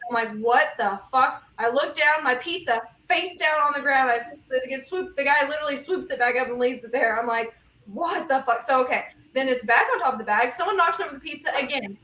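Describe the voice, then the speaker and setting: Fast, bright-voiced woman host. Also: sits high, echoey room, distant mic. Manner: fast, profane storytelling. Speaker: podcast host. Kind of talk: casual group chat.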